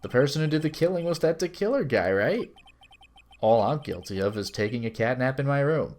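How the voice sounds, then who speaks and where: A man's voice: medium pitch, lively intonation, a little fast, darkish tone, close to an everyday voice. A man voicing a two-faced young male celebrity who turns out to be a villain, taunting in a mock-sweet tone.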